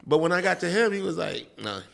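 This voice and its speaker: A man hosts a relaxed interview. His voice is gravelly and rough at the edges. He rambles through his stories and keeps dropping "you know.". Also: sits high, quick pace. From Queens, New York. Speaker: host. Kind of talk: casual interview chat.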